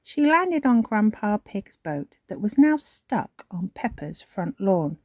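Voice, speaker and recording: A woman reading a children's storybook aloud in a slow, expressive way. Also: on the low side, no room sound, clean studio sound.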